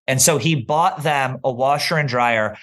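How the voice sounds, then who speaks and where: A man co-hosting a podcast in casual chat, playful and teasing in quick banter. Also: mid-range voice, a bit bright. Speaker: podcast co-host.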